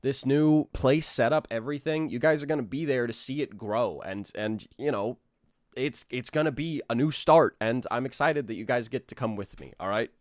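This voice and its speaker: A man's voice: mid-range voice, moderate pace, dry recording, clean studio sound. A man in his twenties chatting casually with viewers on a live stream, rambling and restarting his sentences. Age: 20s. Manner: rambling, restarts, laughs easily. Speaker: animator streamer.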